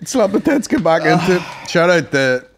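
A man co-hosts a comedy podcast in casual, crude banter, quick to burst out laughing. His voice sits high and bright with a gravelly edge. It swings widely in pitch. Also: very animated, a crowd in the background. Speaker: podcast co-host.

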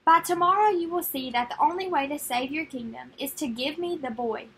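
Rumpelstiltskin, a woman doing a squeaky imp. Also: brisk, a bit bright. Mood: menacing. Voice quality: high and squeaky. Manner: taunting, demanding. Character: squeaky menacing little male imp.

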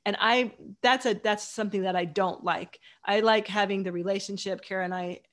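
A woman's voice: mid-range voice, steady tone, a little fast. A woman author as a guest, chatting casually and enthusiastically in long run-on sentences. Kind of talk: casual chat.

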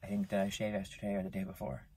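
A young man talking casually into his phone camera in a vlog, chatty and self-mocking, with his voice jumping up in pitch. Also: monotone, very fast, dark tone, slight background noise. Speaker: vlogger. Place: in a car outside a store.

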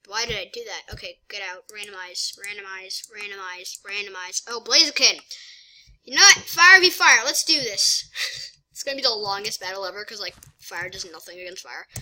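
A woman giving excitable, chatty let's play commentary as a gaming channel host, talking to herself as she plays. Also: mid-range voice, normal speed, a little hiss or hum, poor audio.

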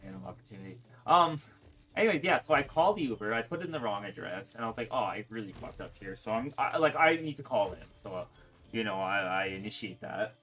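A man's voice: fairly low pitch, animated, fast talker, a bit bright. A young man chatting casually while gaming, rambling and swearing freely as he tells a story. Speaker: gaming streamer. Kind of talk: casual chat while playing.

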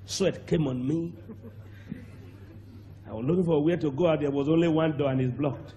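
A man with a Nigerian accent preaching a sermon, telling a testimony with animated acted-out voices and sudden shouts. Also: fairly high pitch, normal speed, background noise. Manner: animated storyteller, acts out voices, bursts into shouts and laughter.

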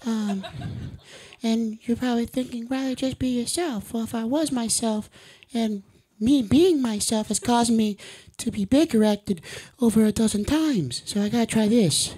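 A man doing stand-up in a put-on soft, timid little boy voice like a cuddly cartoon bear, meek and stammering, on a comedy club stage. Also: very high voice, moderate pace, breathy edge. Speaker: stand-up comic. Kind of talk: stand-up set in a character voice.

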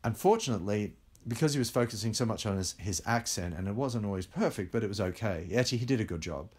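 A man's voice: fairly low pitch, lively intonation, quick pace, darkish tone, husky. A man speaking as a film director in an interview, telling candid stories with frequent fillers. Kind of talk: conversational interview.

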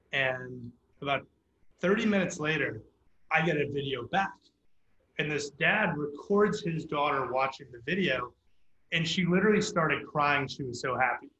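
Man, animated storyteller, bright forceful voice, slightly high, roomy dull audio. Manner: animated, fast storyteller with filler words. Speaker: startup founder guest. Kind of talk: casual storytelling interview.

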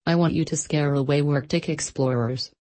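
A woman reading aloud, voicing an old male Santa Claus who speaks in a slow, commanding and hearty way. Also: sits low, fairly even intonation, a little mellow, natural voice.

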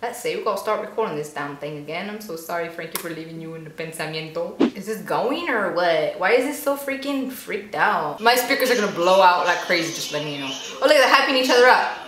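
A young woman giving casual reaction commentary, chatty and quick to exclaim and gasp. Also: fairly low pitch, lively intonation. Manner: chatty, exclaims and gasps often. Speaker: YouTube reactor. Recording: echoey room with faint noise.

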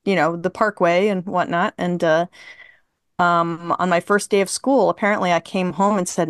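A talkative woman in her fifties, a writer being interviewed, who tells long anecdotes full of fillers and restarts. Her voice sits a bit low. The sound is dry, with almost no room reflection. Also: fairly even intonation, normal speed, no echo. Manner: chatty storyteller, laughs often, many fillers. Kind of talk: casual conversation.

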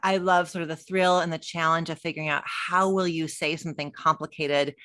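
A middle-aged woman speaking as a relationship expert guest in an interview, enthusiastic and expressive. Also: low voice, fairly quick, dry recording, clean studio sound. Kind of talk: conversational interview.

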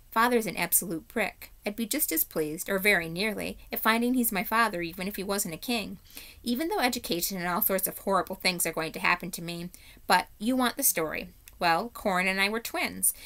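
A shy, earnest boy prince who chatters on eagerly in a read-aloud storybook, as a teacher voices him. The tone is bright and carries at an ordinary pitch. He tells his tale in a rush. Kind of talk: reading aloud to children.

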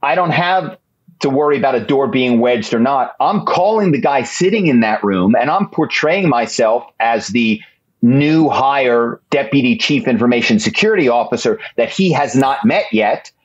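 A middle-aged man, an author guest, telling stories in an animated way, repeating phrases and building them up dramatically. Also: medium pitch, moderate pace, breathy edge. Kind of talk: storytelling interview talk. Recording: slightly dull lo-fi sound.

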